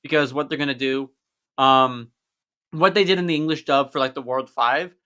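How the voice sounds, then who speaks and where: A man hosts a casual live stream chat with an eager, talkative manner. His voice is bright and ringing, and he goes into long explanations. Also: medium pitch, steady tone, normal speed, clear, resonant tone. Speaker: host.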